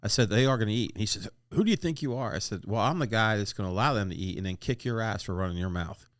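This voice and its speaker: A man's voice: on the low side, fast talker, no room sound, clean studio sound. An older man telling blunt, profane war stories as a guest in a casual interview. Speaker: guest, retired Marine master gunnery sergeant. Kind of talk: casual podcast interview storytelling.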